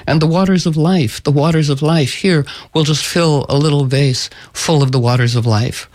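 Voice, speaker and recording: A man voicing a wise talking bird from a folktale, calm and encouraging. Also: on the high side, normal speed, lightly acted. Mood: gracious. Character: wise talking bird, gracious magical creature.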